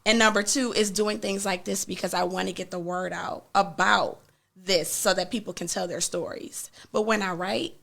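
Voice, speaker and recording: A woman book coach talking as a guest in an interview, animated and acting out what her clients say. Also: mid-range voice, moderate pace, vocal fry.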